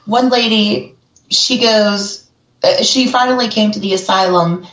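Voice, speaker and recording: A woman's voice: medium pitch, unhurried, a bit bright. Bubbly, swearing woman on a roomy lo-fi line. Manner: bubbly, swears freely, laughs often. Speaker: co-host, runs a haunted asylum. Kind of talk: casual podcast chat. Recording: roomy, dull lo-fi call audio.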